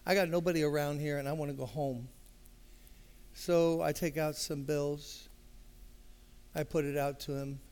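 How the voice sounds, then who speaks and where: Older New York pastor preaching. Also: male voice, a little high, fairly even intonation, measured pace, long pauses, darkish tone, clear, resonant tone. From Brooklyn, New York. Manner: conversational, acts out dialogue, swells to emphatic passion. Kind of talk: sermon storytelling. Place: church sanctuary.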